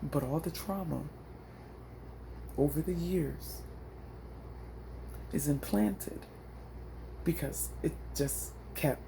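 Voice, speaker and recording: A woman's voice: deep voice, slow pace, gravelly, long pauses, warm tone, a little hiss or hum. A woman vlogger venting into her phone, frustrated and blunt, with slangy, profane talk. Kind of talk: emotional personal vent.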